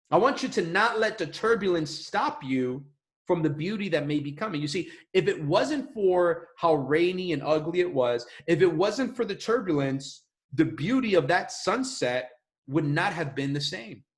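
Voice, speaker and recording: A man with a slightly high voice gives a motivational talk in a loose, conversational way. He leans on repetition and emphasis to drive his points home. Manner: casual, emphatic, repeats phrases. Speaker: motivational mentor.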